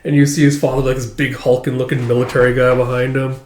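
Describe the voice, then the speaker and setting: A man's voice: medium pitch, flat delivery, fast talker, darkish tone, slight background noise. A man casually reading through a comic chapter aloud, rambling and swearing as he narrates. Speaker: comic reader and commentator. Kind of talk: casual read-through commentary. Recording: echoey room.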